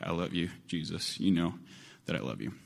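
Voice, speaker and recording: A preacher doing a humbled, mumbling Peter. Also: male voice, low voice, animated, moderate pace, vocal fry, heavily acted. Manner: mumbling, hesitant. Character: Peter, a humbled man confessing quietly.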